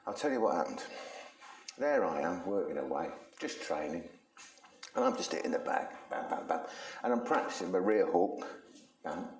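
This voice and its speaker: A man explains punches in a chatty, slangy way, telling stories as he demonstrates. His voice sits fairly low. The sound bounces around an echoey training room with a punching bag. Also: lively intonation, moderate pace, a little mellow. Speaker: self-defense instructor. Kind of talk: casual instructional talk with demonstration.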